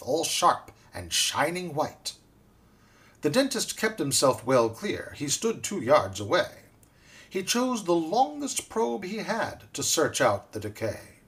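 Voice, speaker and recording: A man reading a rhyming storybook poem aloud with expressive, dramatic storytelling. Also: mid-range voice. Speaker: narrator.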